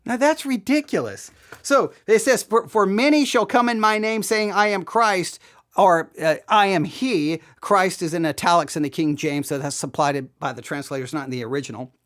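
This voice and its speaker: A man's voice: sits high, normal speed, a bit bright. A man hosting commentary on a sermon clip, sarcastic and mocking. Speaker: host.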